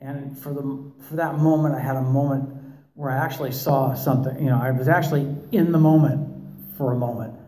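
A middle-aged man telling his recovery story to a meeting audience, with wry, self-mocking humor and halting restarts. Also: mid-range voice, steady tone, dark tone, reverberant, low-quality recording.

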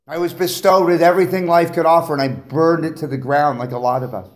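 A man's voice: on the high side, quick pace. A middle-aged man giving a personal testimony to a recovery meeting, telling stories with humor and animation. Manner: animated storytelling, jokes with the audience. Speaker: guest speaker at a recovery meeting. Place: meeting room with a live audience.

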